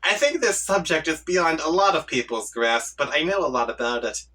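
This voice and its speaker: A man gives voice to a prickly young troll leader from a webcomic who rants and lectures. His pitch moves in a lively way, and his tone is bright with some husk. He sounds set back from the mic. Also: normal speed, recorded from a distance, poor audio. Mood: ranting. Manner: prickly, ranting. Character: irritable shouty young male troll leader.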